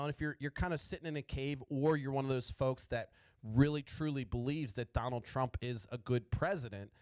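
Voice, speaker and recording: A man's voice: medium pitch, a little mellow, no room sound. A man hosting a podcast, ranting about politics in a profane, rambling way and stuttering often. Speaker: podcast host.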